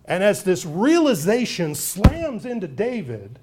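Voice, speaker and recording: Male pastor, high voice, sermon delivery, expressive, drops to hushed asides then swells to loud emphasis. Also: unhurried, background noise.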